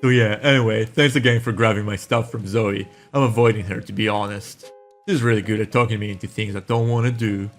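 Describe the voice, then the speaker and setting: An anxious young college guy, as a male gamer reads him, fretting and overthinking in a plain, mid-pitched man's voice. Faint music plays under him. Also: steady tone, fairly quick, natural voice. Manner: nervous, overthinking.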